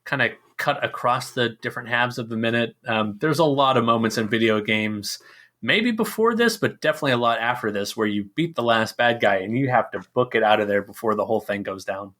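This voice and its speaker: A man with a mid-range voice co-hosts a casual movie podcast. He talks in a lively way and slips into movie quotes as he tells a scene. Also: medium pitch, a little fast. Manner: lively, acts out quotes from films. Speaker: podcast co-host.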